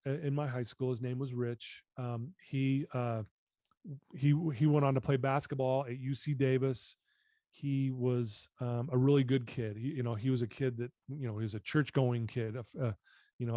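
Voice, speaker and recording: An earnest man recounts his personal story as a podcast guest. His tone is mellow and dark, and he often sinks to a quieter register. The sound is dry and close. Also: mid-range voice, no echo. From United States. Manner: earnest, reflective, often drops voice.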